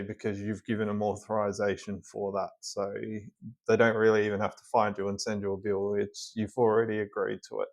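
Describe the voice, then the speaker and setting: Australian man giving plain travel advice. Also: lowish voice. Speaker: reaction video host. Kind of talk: casual reaction commentary.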